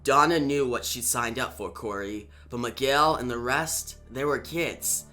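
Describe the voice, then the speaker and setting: A weary, guilt-ridden male hero, read out by a man in a comic recap. His delivery drops low and subdued, with a bright tone, and faint music sits behind it. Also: unhurried. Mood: somber.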